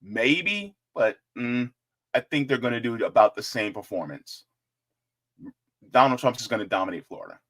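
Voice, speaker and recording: A man's voice: mid-range voice, moderate pace. A man hosting casual political commentary, joking and talking straight to his viewers. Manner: joking, animated, talks to viewers directly.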